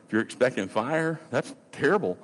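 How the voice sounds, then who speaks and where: Male pastor, mid-range voice, lively storyteller with teasing asides, recorded in a big echoing church. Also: medium pitch, normal speed, slightly rough. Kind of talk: sermon.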